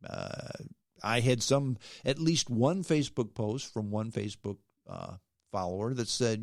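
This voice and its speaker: A man hosting his own podcast, delivering an emphatic, animated opinion rant and tagging his points with "okay?". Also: on the low side, unhurried, vocal fry, no echo, clean studio sound. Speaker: podcast host.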